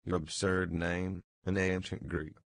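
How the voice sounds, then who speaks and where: A man reading the lines of a jaunty, mocking young man who teases brightly, in a low, slow, gravelly voice. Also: little pitch movement, no echo. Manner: brisk, gay, teasing.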